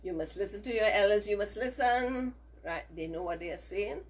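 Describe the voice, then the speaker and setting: A woman's voice: mid-range voice, fairly quick, low-quality recording. A middle-aged woman teacher giving a values lesson to children, coaxing them to repeat phrases after her.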